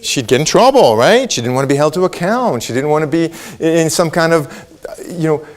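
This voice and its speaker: A middle-aged man gives a conference keynote. He tells stories in an animated way, with lively rises and playful asides. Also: on the high side, normal speed. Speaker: keynote speaker.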